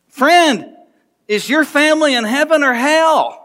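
A man preaching a sermon as pastor, animated, laughing and making quick asides to the congregation. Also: very high voice.

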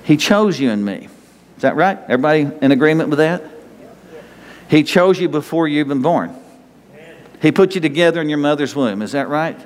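North Texas pastor preaching in a reverberant church. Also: male voice, a little high, fairly quick, pauses often. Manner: animated, conversational preaching with rhetorical questions. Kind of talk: sermon.

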